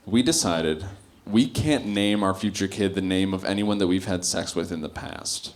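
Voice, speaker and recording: A young man doing a stand-up comedy set on a club stage, telling stories in an animated way, acting out quotes and laughing often. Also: fairly low pitch. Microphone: handheld stage mic. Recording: live club recording with audible noise. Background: audience laughter.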